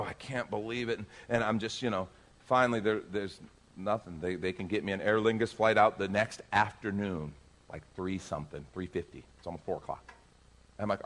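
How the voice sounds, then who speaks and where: A male pastor telling a lively story in a sermon, acting out the people in it. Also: fairly low pitch. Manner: animated, acts out dialogue in his story.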